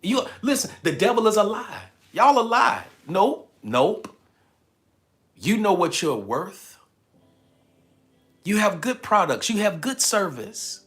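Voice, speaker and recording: High-pitched, emphatic man on a livestream. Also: big pitch swings, takes it slowly, long pauses, fairly bright tone. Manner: preachy, emphatic, reads chat comments aloud, laughs often. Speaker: livestream host. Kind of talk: motivational live-stream talk.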